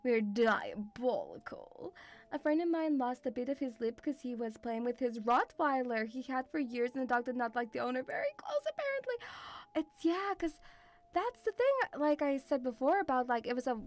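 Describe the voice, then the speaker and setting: High-voiced doting woman streamer. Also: sing-song, normal speed. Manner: rambling, doting, calls viewers sweetie. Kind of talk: casual live-stream chat.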